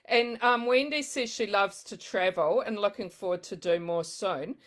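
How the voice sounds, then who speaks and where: Book club host reading viewer questions. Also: female voice, medium pitch, moderate pace. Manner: reads out audience questions, laughs often. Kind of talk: casual interview chat. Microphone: video call.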